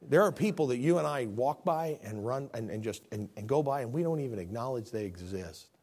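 A man preaching a sermon, animated, acting out scripture scenes with voices. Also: medium pitch, fairly quick.

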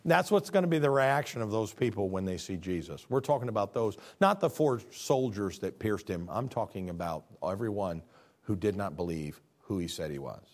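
A man preaching a sermon in a folksy, conversational way, swinging from loud exclamations to hushed tones. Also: on the low side, expressive, normal speed. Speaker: pastor.

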